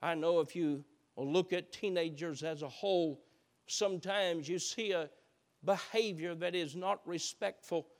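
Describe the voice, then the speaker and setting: A pastor, a man with a high, light voice, preaching a sermon. He drops low and soft, then climbs into impassioned, loud exhortation. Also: unhurried.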